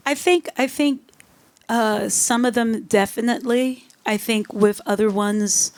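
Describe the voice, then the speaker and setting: A woman's voice: a little high, steady tone, unhurried, a little mellow, no echo. A woman poet at a live reading event answering audience questions in a loose, playful way. She laughs often and repeats words while she thinks.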